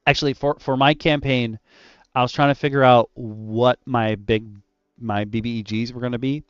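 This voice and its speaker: Casual chatty man, clear dry lo-fi sound. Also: mid-range voice, normal speed, dry recording, soft background music. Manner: animated and loose, heavy use of "like". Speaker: dungeon master discussing adventure design. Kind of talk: casual roundtable chat.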